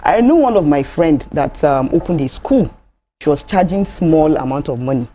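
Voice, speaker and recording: A woman's voice: deep voice, lively intonation, moderate pace, dark tone, a little hiss or hum. A Nigerian woman co-hosting a TV talk show, telling anecdotes in a chatty way and laughing as she goes. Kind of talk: studio discussion, anecdotal.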